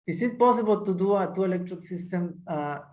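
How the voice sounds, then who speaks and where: First-language guy lecturing, kinda high voice, keeps saying all right?, echoey room. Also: fairly quick, darkish tone, muffled recording. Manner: conversational, repeats "all right?" to check understanding. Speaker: instructor. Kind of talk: technical lecture.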